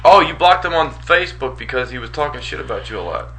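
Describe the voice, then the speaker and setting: A man's voice: medium pitch, lively intonation, fast talker, sharp tone, rough recording. A man co-hosting a wrestling talk radio show, teasing his partner in profane, casual banter.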